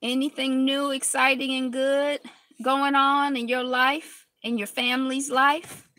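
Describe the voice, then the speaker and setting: A woman's voice: high-pitched, little pitch movement, unhurried, bright, forceful tone. A woman with a cold, hosting a casual live stream from inside a car, chatting with viewers and greeting them by name. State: has a cold.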